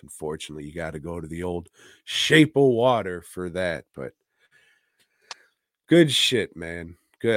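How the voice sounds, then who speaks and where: A man with a lowish voice talks slowly and loosely on a podcast, rambling through movie opinions with lots of swearing and chuckles. The sound is close and dry, with no room around it. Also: dry recording. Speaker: podcast co-host. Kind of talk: casual movie chat.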